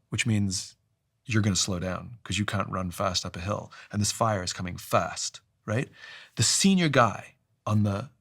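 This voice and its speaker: A man with a low, gravelly voice tells a story in conversation, thinking aloud as he goes. He often stops to restart, and his sentences sink softly at the end. The sound is close and dry, with no room echo. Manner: reflective, restarts often, low trailing endings.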